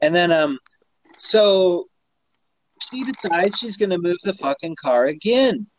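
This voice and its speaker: A man's voice: high-pitched, unhurried, a little hiss or hum, rough recording. A man co-hosting a podcast, telling a rambling story full of fillers, swearing and laughter, a little drunk. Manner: rambling, many fillers, laughing, swearing, animated when retelling. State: tipsy. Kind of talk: casual storytelling chat.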